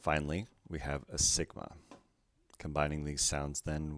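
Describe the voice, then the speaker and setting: A man's voice: rumbling low, level tone, moderate pace. A man teaching Greek pronunciation, going carefully through each word letter by letter in a methodical way. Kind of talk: slow letter-by-letter pronunciation lesson.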